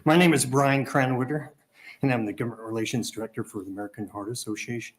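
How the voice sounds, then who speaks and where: A man reading formal testimony at a legislative committee hearing, audibly out of breath and clearing his throat between passages. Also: mid-range voice, fairly even intonation, rough recording. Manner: reads prepared remarks, pauses to clear throat. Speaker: advocacy testifier.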